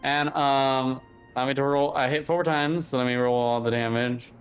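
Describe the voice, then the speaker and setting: A man's voice: mid-range voice, steady tone, normal speed, clear, resonant tone, soft background music. A young man playing a tabletop game, talking casually and thinking aloud with fillers. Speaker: player.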